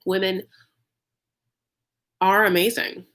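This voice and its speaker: A young man recapping a reality show in a campy, sassy, animated storytelling style, calling viewers "honey". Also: high-pitched, takes it slowly. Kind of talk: casual comedic recap.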